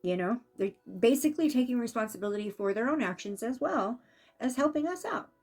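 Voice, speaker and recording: Speaking briskly and fairly high, a woman works as an intuitive reader doing a relaxed spiritual reading. Her tone is talkative, and she gets lively when voicing the spirits' words.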